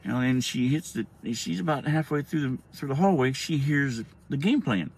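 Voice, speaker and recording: A man's voice: mid-range voice, normal speed, a little mellow, breathy edge. A middle-aged man telling a childhood story in a casual, rambling, profane way with many restarts.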